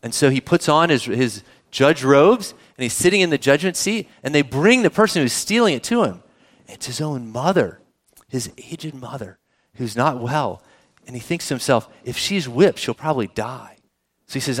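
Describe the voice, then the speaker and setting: Often turning to the congregation with questions, this pastor delivers his sermon conversationally in a mid-range voice.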